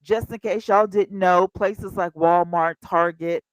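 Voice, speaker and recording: A woman's voice: on the low side, measured pace, dry recording, poor audio. Chatty woman in her fifties, dry sound. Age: 50s. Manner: animated, chatty, talks straight to viewers. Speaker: livestream host. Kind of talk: casual livestream chat.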